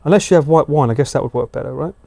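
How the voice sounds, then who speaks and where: A man streaming live from home late at night, chatting casually and slipping into high sing-song baby talk for a dog. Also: racing, vocal fry, warm tone.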